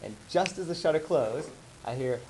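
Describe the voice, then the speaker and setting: A man giving a casual slideshow talk to colleagues, rambling and animated as he tells stories. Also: fairly high pitch, normal speed, slight background noise, low-quality recording. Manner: rambling, animated storytelling with acted-out quotes. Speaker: presenter. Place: office meeting room.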